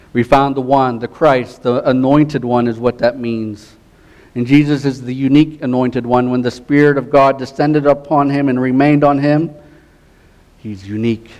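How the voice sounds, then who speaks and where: A middle-aged man preaching a sermon, earnest, often falling to a soft hush on key lines. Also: mid-range voice, rough recording. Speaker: pastor.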